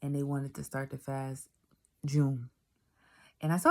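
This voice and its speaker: A woman telling a personal faith story in a casual, animated way, repeating phrases and dropping into whispers for emphasis. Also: low-pitched, normal speed. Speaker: vlogger telling a personal testimony.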